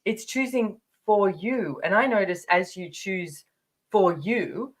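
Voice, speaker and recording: A woman's voice: medium pitch, takes it slowly. A woman in her fifties, a podcast guest, talking frankly and candidly in a casual interview, swearing freely and restarting her sentences. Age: 50s.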